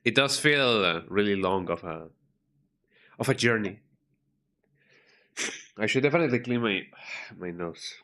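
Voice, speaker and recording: A man's voice: fairly low pitch, lively intonation, measured pace, long pauses, pushed and bright. A man chatting casually while streaming a video game, rambling with many restarts. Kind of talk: casual live-stream commentary. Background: game music.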